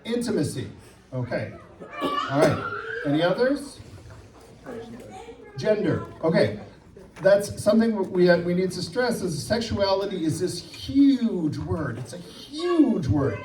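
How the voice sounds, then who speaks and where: A man's voice: high-pitched, lively intonation, unhurried, pauses often, a little mellow, slight background noise. A man with a Wisconsin accent leads a church workshop, joking with the group and often checking in with "okay?". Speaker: workshop leader. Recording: echoey room, mic far off.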